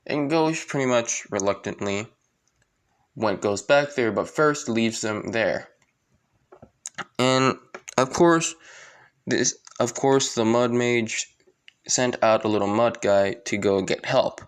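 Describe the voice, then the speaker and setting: A man's voice: mid-range voice, slow pace, pauses often, clear, resonant tone. A man casually narrating a fan story in a rambling, loose way.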